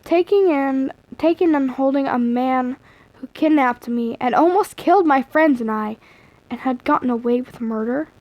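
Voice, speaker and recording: A woman's voice: sits high, normal speed, no room sound, muffled recording. A young woman casually reading a fan-fiction story aloud on a live stream, often breaking off to chat and joke. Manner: chatty, easily distracted, breaks off to joke.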